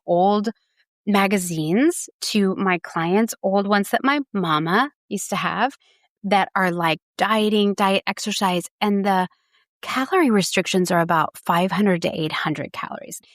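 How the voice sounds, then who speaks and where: Woman, middle-aged, dietitian guest, animated, laughing, dry studio sound. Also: mid-range voice, unhurried, dry recording. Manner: animated storyteller, laughs often. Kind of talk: podcast interview conversation.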